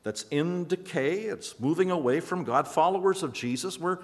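A man delivers a sermon from the pulpit in a conversational way, stumbling over repeated words and then pressing key phrases with slow emphasis. His pitch swings widely as he preaches. The sound carries the long reverb of a church sanctuary. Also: expressive. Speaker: pastor.

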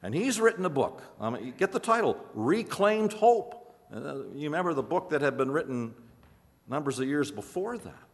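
A man delivers a sermon from the pulpit in a conversational way, stumbling over repeated words and then pressing key phrases with slow emphasis. His pitch swings widely as he preaches. The sound carries the long reverb of a church sanctuary. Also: very animated. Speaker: pastor.

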